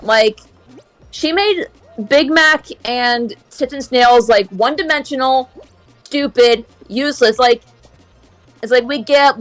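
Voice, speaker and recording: A woman's voice: high voice, slow pace, long pauses, faint music behind. A woman streaming a game and chatting casually, airing strong opinions in a ranting way. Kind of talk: casual chat while gaming.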